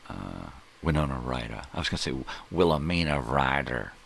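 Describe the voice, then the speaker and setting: A man's voice: very deep voice, lively intonation, normal speed, vocal fry, fairly bright tone, a little hiss or hum. A middle-aged man hosting a casual solo morning stream. He rambles, jokes and swears, and often trails off while he searches for names. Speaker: host. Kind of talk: casual solo livestream chat.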